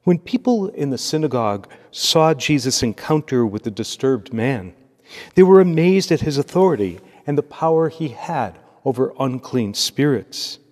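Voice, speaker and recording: A man as a priest, reading scripture and preaching a homily in a measured, steady cadence. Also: mid-range voice. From United States. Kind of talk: liturgy and homily. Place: church. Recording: long church reverb.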